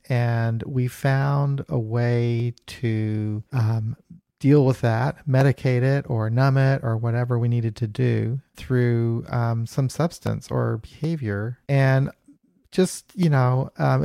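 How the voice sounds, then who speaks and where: A man in recovery responds thoughtfully, pausing with hesitant fillers as he agrees. His voice is mid-pitched with a gravelly texture. The recording is close and dry. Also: mellow, no room sound. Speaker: fellow person in recovery. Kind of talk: conversational reflection.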